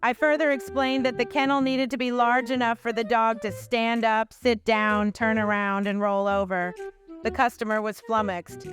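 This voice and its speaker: A woman telling jokes with a drawn-out delivery and laughing along. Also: fairly high pitch, flat delivery. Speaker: joke teller. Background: faint music.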